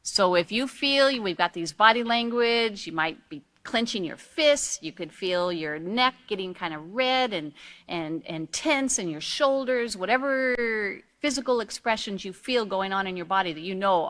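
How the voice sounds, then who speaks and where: A woman who trains people in character education leads a course on raising children, speaking earnestly and patiently and repeatedly asking her listeners questions to draw them along. Her medium-pitched voice is bright and forceful, with lively intonation at a normal speed.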